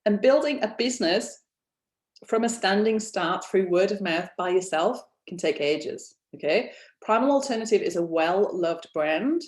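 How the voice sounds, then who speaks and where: A woman's voice: mid-range voice, animated, a little slow, reverberant. A woman founder presenting a casual webinar from home, chatty and encouraging, asking her audience questions.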